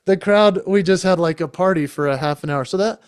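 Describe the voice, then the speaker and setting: A man's voice: high-pitched, a little fast, clean tone, no echo. A man telling an enthusiastic story as a podcast guest, talking casually into a close microphone. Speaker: guest, entertainer and speaker.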